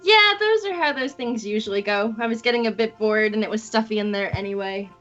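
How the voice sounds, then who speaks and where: A woman's voice: a little high, fairly quick, a bit bright, highs cut off, faint music behind, lightly acted. A woman voicing a playful young woman who teases and laughs while she talks. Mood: relaxed. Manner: teasing, laughing.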